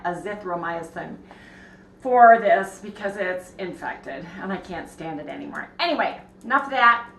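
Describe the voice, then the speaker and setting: A woman's voice: mid-range voice, a bit bright, reverberant, slight background noise, poor audio. A woman chatting casually in a rambling way while cooking at home for her vlog. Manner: chatty, rambling, laughs often. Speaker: vlogger. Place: home kitchen.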